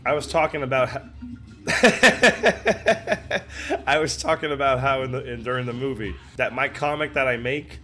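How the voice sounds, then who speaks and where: A man hosting a reaction video, chatting casually, excitable, laughing often and swearing freely. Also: mid-range voice, measured pace.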